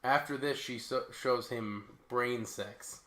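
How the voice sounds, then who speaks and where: A man's voice: mid-range voice, slow pace, fairly bright tone. A man co-hosting a podcast, recapping a movie in casual, sarcastic chat and swearing casually. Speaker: podcast co-host. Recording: echoey room.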